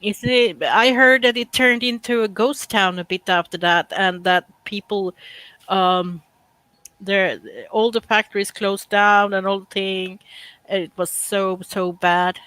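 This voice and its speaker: Swedish man, casual voice chat, bright voice, dry close sound. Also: high-pitched, fairly even intonation, a little slow, clear, resonant tone, no echo. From Sweden. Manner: chatty, slightly broken English, musing aloud. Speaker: chat participant.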